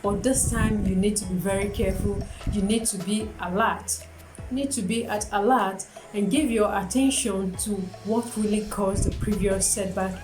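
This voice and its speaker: A woman's voice: mid-range voice, steady tone, normal speed. A young adult woman vlogger telling a personal story and then giving step-by-step advice, earnest and repeating her key points for emphasis. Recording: echoey room with faint music.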